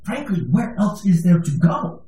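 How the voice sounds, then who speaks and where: A man's voice: high-pitched, very animated, unhurried, dark tone. A male pastor giving a sermon, conversational and emphatic, with touches of humor. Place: church sanctuary. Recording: echoey room, voice from a distance.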